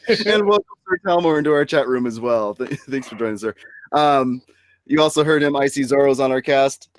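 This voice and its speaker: A man's voice: mid-range voice, brisk, no echo. A man hosting a casual podcast chat, talkative and easygoing, laughing often between his sentences. His voice sits in a mid range and comes through a dry, close recording with no room sound. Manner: chatty, laughs often, loose restarts. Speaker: podcast host.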